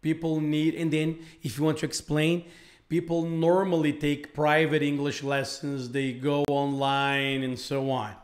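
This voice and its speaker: A man from Brazil teaching a live online English lesson, speaking slowly and repeating phrases for learners. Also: fairly high pitch, level tone.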